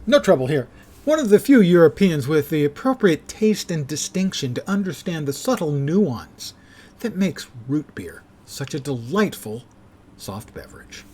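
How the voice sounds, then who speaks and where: A man's voice: a little high, darkish tone. A man in his sixties streaming a game and chatting casually, with dry, self-mocking asides. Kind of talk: casual live gameplay chat.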